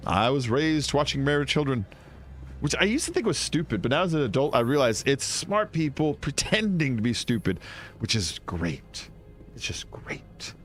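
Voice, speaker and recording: A man's voice: fairly high pitch, sing-song, fairly quick, soft background music. A man commentating his video game playthrough in a rambling, joking way, laughing often. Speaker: gaming streamer. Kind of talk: let's play commentary.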